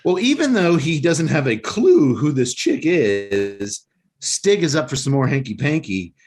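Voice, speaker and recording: A man's voice: fairly high pitch, very animated, measured pace, a little mellow. A man hosting a casual talk show, rambling and joking as he recaps a movie plot. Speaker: podcast host.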